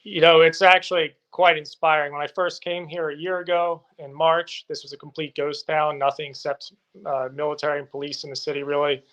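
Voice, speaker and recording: Firm, slightly high-voiced male guest. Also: flat delivery, brisk, fairly bright tone. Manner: firm, assertive, with occasional fillers. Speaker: guest reporting from Ukraine. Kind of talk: remote interview answers.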